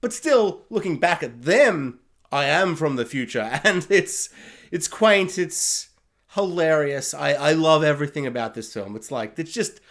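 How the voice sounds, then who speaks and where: A man's voice: on the high side, animated, a little slow, a bit bright. A young man rambling enthusiastically through a casual video film review, breaking into laughs and mimicking sound effects.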